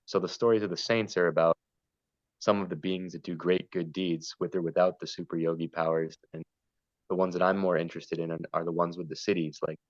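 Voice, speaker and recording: A man's voice: low voice, little pitch movement, brisk, no room sound, muffled recording. A man talking earnestly and at length in a spiritual conversation, wandering between ideas and stories. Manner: meandering, earnest, storytelling. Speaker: podcast guest.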